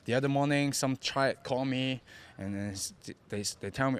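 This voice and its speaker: A young Hong Kong man with a Cantonese accent shares his story casually as an interview guest on a podcast, in broken English that often repeats words. His mid-range voice moves at normal speed and sounds clean.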